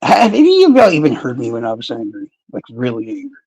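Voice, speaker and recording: A man's voice: medium pitch, huge pitch swings, fast, warm tone, no echo, rough recording. A man talking casually and sarcastically to viewers on a live stream, rambling and cursing. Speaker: true crime streamer.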